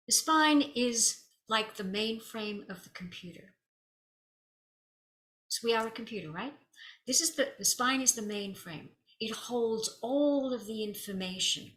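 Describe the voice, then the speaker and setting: Woman healer, crisp bright tone, animated storyteller, echoey room. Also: fairly high pitch. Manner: animated, drops to whispers at intense moments; acts out quoted dialogue. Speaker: spiritual healer. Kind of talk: personal storytelling to camera.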